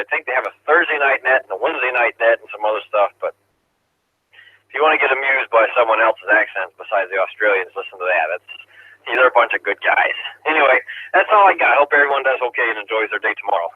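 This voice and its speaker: A man's voice: mid-range voice, fast talker, breathy edge. A man checking in to an amateur radio net, chatting in a rambling, amused way. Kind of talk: casual chat over the radio. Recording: tinny two-way radio audio.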